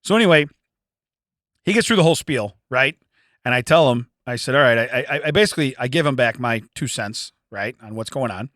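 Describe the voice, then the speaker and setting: A man co-hosting a casual podcast, telling an animated story and acting out both sides of the conversation. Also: mid-range voice, a little fast, no room sound, clean studio sound. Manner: animated, swerves into quoted dialogue, self-censors swearing. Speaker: podcast co-host.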